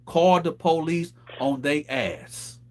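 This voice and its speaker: A man hosting a casual talk show, telling a street story with lively acted-out quotes. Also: a little high, slow. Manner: animated storyteller, acts out quoted voices. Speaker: host.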